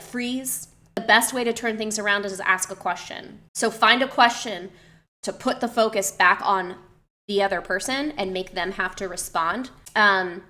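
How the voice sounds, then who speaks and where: A woman's voice: medium pitch, pushed and bright. A young woman streamer chatting to her live chat, reflective and loose, with many fillers and restarts. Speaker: streamer and personal trainer.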